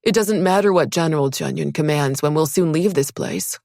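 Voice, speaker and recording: A woman's voice: sits low, moderate pace, vocal fry, a little mellow, dry recording, studio quality. A woman reading the part of an earnest, protective young male soldier who speaks in intense, urgent questions in an audiobook. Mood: accusing.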